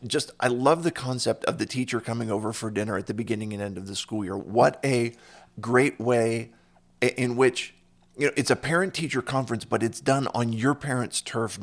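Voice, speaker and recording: A man hosts a relaxed podcast chat, his voice carrying a steady gravelly fry. He talks at a middle pitch and tells personal stories, voicing the people in them. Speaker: podcast host. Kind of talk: casual conversation.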